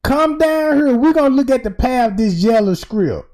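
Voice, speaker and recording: A man's voice: very high-pitched, expressive, normal speed, darkish tone. A man giving casual, slangy commentary over video footage, emphatic and pointing things out. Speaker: commentator walking through footage.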